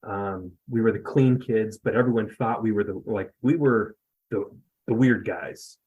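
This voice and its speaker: A man's voice: lowish voice, unhurried, darkish tone, husky, muffled recording. A man in his fifties from the US West Coast, a podcast guest telling a story in a rambling, self-deprecating way. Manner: rambling, self-deprecating, many fillers and restarts. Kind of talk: casual storytelling.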